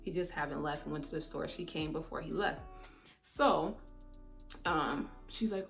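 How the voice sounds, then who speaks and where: A woman in her twenties chatting casually while doing her makeup, talkative and animated, often saying "mind you". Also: on the low side, fairly quick, vocal fry, soft background music. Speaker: beauty vlogger.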